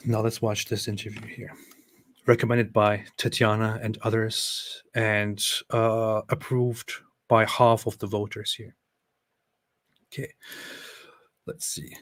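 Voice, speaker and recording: A man's voice: lowish voice, little pitch movement, slow pace, no echo. Sarcastic male streamer mocking a clip. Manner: sarcastic, mocking, swings between loud and muttered asides. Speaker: streamer reacting to videos. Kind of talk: live reaction commentary.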